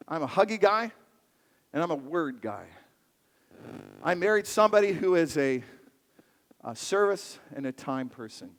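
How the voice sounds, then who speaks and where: Animated male pastor in a reverberant sanctuary. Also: high-pitched. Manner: animated, playful, jokes with the congregation. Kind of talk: sermon. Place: large church sanctuary.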